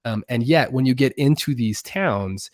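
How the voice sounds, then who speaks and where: A man's voice: medium pitch, expressive, moderate pace, a little mellow, no echo, studio quality. A man on a podcast as a guest, telling casual stories with lots of fillers and restarts. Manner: rambling, many fillers and restarts. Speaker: podcast guest, outdoor video creator. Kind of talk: casual storytelling chat.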